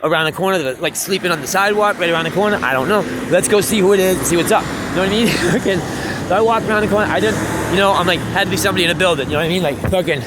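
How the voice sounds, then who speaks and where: A man's voice: high-pitched, racing, noisy background. A man, a street musician, telling a rambling story in casual chat, swearing and laughing often.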